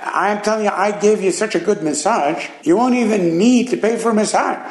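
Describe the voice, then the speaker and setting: A man's voice: fairly quick, low-quality recording. A man teaching a Talmud class, translating Aramaic phrases as he goes and acting out the characters in the story. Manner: translates Aramaic line by line, acts out characters with jumps in pitch.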